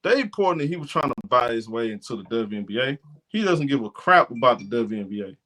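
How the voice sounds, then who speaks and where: A man's voice: medium pitch, sing-song, fairly quick, a bit bright. Blunt indignant man hosting a sports show. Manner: blunt, indignant, repeats himself. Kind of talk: opinionated sports commentary.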